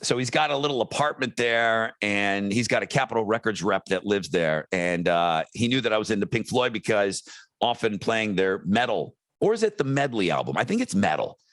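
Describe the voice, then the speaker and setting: Middle-aged guy cohosting a podcast, bright punchy voice, dry close sound, just chatting. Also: fairly low pitch, animated, normal speed, no room sound. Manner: loose, chatty, reads listener messages aloud. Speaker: podcast co-host. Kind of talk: casual chat.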